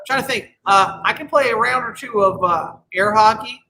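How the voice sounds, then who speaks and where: A man's voice: sits high, normal speed, pushed and bright, low-quality recording. A man hosting a casual chat show, telling wry stories and acting out quoted back-and-forth. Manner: storytelling, wry, acts out quoted dialogue. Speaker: podcast host.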